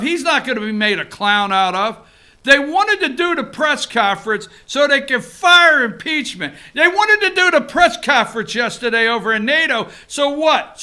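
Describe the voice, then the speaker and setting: Male talk host, very high bright voice, brash animated ranting commentary. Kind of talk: opinionated political commentary. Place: office.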